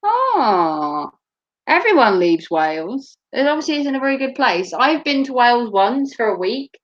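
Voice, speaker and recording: A woman's voice: fairly high pitch, animated, normal speed. A woman from Norfolk with a Norfolk English accent, hosting a casual chat in a blunt, joking way and laughing often. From Norfolk, England. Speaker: host. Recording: muffled lo-fi recording.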